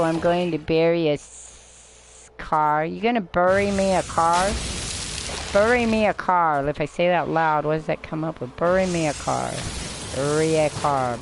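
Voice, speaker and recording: A woman's voice: low voice, creaky. An older woman rambling through live gameplay commentary, chatting to herself and her viewers and swearing now and then. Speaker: game streamer. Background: game music.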